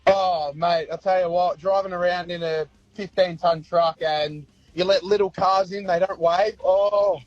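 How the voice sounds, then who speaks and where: Blokey Australian truckie on a dull line. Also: male voice, sits high, fairly even intonation, measured pace, hardly any pauses, darkish tone, no room sound. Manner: blokey, rueful. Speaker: caller, truck driver. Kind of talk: phone-in radio chat.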